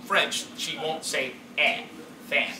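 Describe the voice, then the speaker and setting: A man who directs and performs voices, telling stories at a convention panel in a rambling, animated way. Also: fairly high pitch, takes it slowly, crowd noise. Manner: animated, rambling storytelling with frequent fillers. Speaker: voice director and voice actor. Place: convention hall. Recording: echoey hall from far off, noisy.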